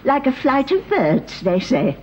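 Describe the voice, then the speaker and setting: A woman's voice: sits high, big pitch swings, a little slow, dull audio, a little hiss or hum. Lady Bourne, a genteel old grandmother. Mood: gushing. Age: older. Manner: refined upper-class, vague and gushing. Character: elderly aristocratic grandmother, genteel and fussy. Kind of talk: 1930s-set radio drama.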